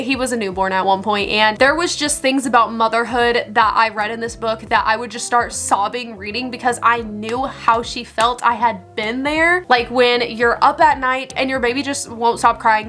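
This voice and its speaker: A woman's voice: a little high, fairly bright tone. Gushing young woman book vlogger. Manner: gushing, emphatic, repeats herself, talks in quick bursts. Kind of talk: enthusiastic book review vlog.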